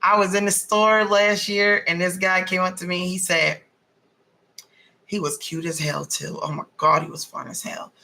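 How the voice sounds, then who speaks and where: A woman giving a casual tarot card reading, blunt and animated, swearing freely as she talks. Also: on the low side, normal speed, creaky, rough recording. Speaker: tarot reader.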